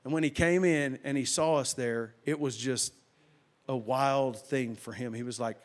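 A middle-aged man, preaching a sermon and telling a story, swinging from loud bursts to hushed retelling. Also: medium pitch, a little slow. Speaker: pastor.

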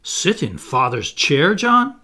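A man's voice: fairly high pitch, big pitch swings, normal speed, fairly bright tone, husky, pitched above the performer's own voice, full character voice. A man doing Wendy, a fussy little mother. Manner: fussy and scolding. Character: motherly girl playing house mother.

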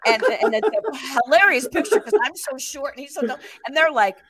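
A woman's voice: high voice, a little fast, a crowd in the background. An older woman co-hosting a casual chat show, telling a story with lots of laughter. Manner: animated storyteller, laughs often. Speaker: podcast co-host.

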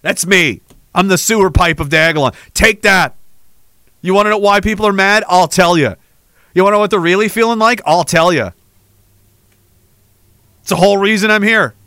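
A man's voice: sits high, normal speed, long pauses, bright, forceful tone, no room sound. A man hosting a podcast, ranting in an angry, profane, sarcastic way. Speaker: podcast host.

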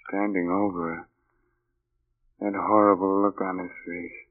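An actor playing a husband, slow, awed and shaken, in 1940s radio acting on a tinny old radio recording. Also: male voice, deep voice, little pitch movement. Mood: horrified.

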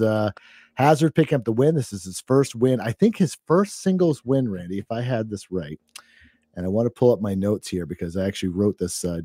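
A man with a mellow, warm voice talks through a recap in a loose, chatty way, full of "uh"s and small laughs. The sound is dry and close, with no room around it. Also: mid-range voice, dry recording. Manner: relaxed, chatty, many fillers and laughs. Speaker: podcast co-host. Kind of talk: casual wrestling recap chat.

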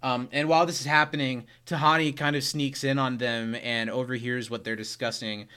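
A man's voice: mid-range voice, little pitch movement, moderate pace, sharp tone, clean tone. A young man co-hosting a podcast, chatting casually as he recaps a TV episode and acts out lines from its scenes. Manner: retells scenes by quoting lines, laughs often. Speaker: podcast co-host.

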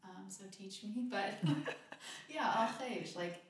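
A woman's voice: medium pitch, takes it slowly. Candid young woman in an echoey room. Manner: open and emotional, swears casually. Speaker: guest. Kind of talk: candid podcast conversation. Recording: very echoey room, voice a bit far from mic.

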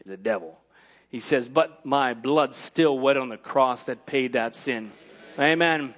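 A man preaching a sermon, punctuating his lines with "Amen" and rising to shouted emphasis. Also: mid-range voice, measured pace.

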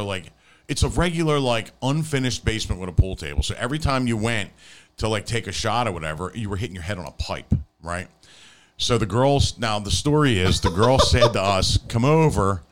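A man's voice: on the low side, expressive, a little fast. A man hosting a podcast, telling a rambling story with fillers and frequent laughs. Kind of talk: casual chat.

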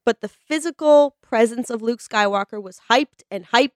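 High-pitched woman co-host, blunt and animated, dry close sound. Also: normal speed, no echo. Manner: blunt, swears freely, animated. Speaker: podcast co-host. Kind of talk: casual group chat.

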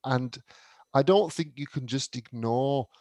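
A man's voice: medium pitch, a little slow, a little mellow, no echo. A middle-aged man co-hosting a casual talk, wry and jokey, laughing often. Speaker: co-host. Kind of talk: casual chat.

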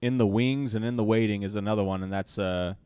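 A podcast co-host, talking in a heated, profane rant. His voice sits on the low side and sounds dry and close, with no room around it. He speaks in a loose, casual chat style. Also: steady tone, quick pace, warm tone, clean tone, no room sound. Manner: heated, ranting, swears freely.

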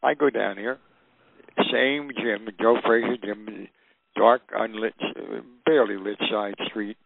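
An older man telling stories in an animated way, acting out the voices of the people in them. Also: lowish voice, slow, gravelly. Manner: animated, acts out quoted voices. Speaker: guest storyteller. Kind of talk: recounting anecdotes. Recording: tinny phone-like radio line.

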